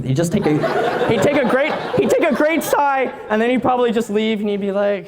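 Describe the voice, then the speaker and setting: Lively young male stand-up comic. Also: high voice, a little fast, background noise. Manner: rambling, hesitant, self-amused. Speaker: stand-up comedian. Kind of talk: live stand-up comedy. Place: live venue stage.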